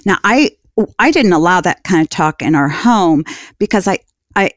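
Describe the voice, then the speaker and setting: A woman's voice: fairly low pitch, no echo, studio quality. A woman hosting an interview, asking questions and affirming her guest with frequent murmurs. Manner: warm affirming listener, frequent mm-hmms. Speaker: interview host. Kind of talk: conversational radio interview.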